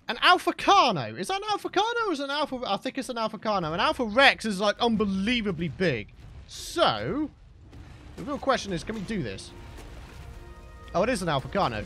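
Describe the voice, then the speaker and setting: A young British man commentating his own gameplay with a bright, edgy tone. His fairly high voice swoops wildly up and down as he chatters and bursts out in excitement, like a let's play host talking straight to his viewers. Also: a little fast, slight background noise. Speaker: gaming channel host.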